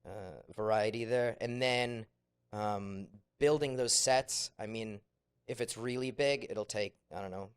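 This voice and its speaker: A man chatting as a guest on a podcast, relaxed and rambling, his voice dropping quiet on asides. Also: lowish voice, a little slow, smooth. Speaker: guest video creator. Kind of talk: casual podcast chat.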